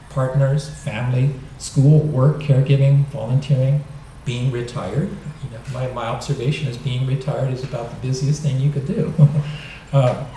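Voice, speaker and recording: A man giving a dharma talk, explaining gently and joking now and then, recorded in a temple hall. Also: mid-range voice, a little hiss or hum. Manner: gentle, explanatory, with light humor. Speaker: minister. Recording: echoey hall, mic at a distance.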